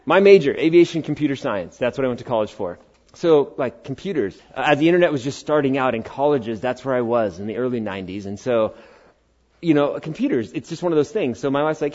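A man's voice: fairly high pitch, animated, a little fast, lo-fi sound. Middle-aged male pastor, playful sermon. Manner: conversational and playful, bantering with the congregation; acts out quoted speakers in character voices. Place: church service with congregation.

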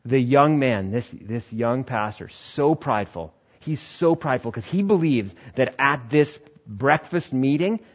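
A man in the pastor role preaching a sermon in an animated way, sometimes acting out other voices. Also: lo-fi sound. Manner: animated, acts out quoted voices with high shouts and laughs.

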